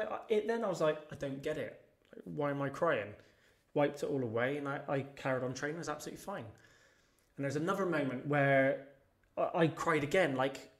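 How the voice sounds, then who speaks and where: A man, a podcast guest telling personal stories in a casual chat, blunt and swearing freely. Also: fairly high pitch.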